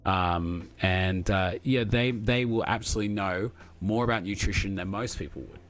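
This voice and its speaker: A rambling, friendly man chatting casually with his viewers. His voice sits a little low, and his talk is full of fillers and restarts. Faint music plays behind him. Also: moderate pace, fairly bright tone. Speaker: streamer reading chat. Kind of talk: casual live chat.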